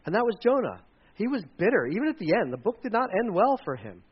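A man's voice: high-pitched, fast talker, husky, highs cut off. A male pastor giving a sermon in a church, telling stories with animation and acting out quotes. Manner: animated storyteller, acts out quotes.

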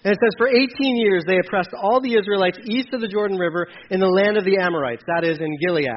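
A man teaching a sermon in a high voice, talking through scripture in a loose, conversational way with frequent fillers and restarts. The recording is dull and muffled, with a faint hiss underneath. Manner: conversational, reads verses aloud, many fillers and restarts. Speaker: preacher.

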